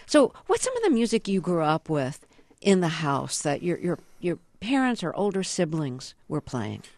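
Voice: mid-range voice, wildly swooping pitch, normal speed, a little mellow, no room sound. A host with a mid-range voice leads an interview, eager and a little tripping over words. The sound is dry and close on a studio microphone. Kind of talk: casual interview.

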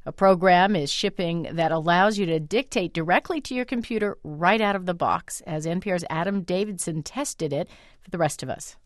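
Low-voiced female news anchor, dry studio. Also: dry recording. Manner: measured and formal. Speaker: news program host.

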